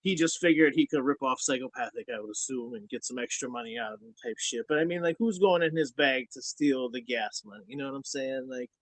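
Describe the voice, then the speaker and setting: On a podcast, a man who used to wrestle swaps casual stories that wander, swear a lot, and replay arguments, turning lively in the telling. He speaks at a medium pitch, fast and with few breaks, and the audio is dry and poor.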